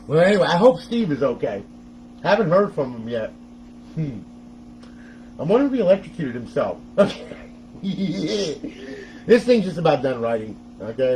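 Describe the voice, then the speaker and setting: A man's voice: fairly high pitch, gravelly, darkish tone, slight background noise, rough recording. A middle-aged man hosting a casual step-by-step tech tutorial, chatty and often laughing as he talks to viewers.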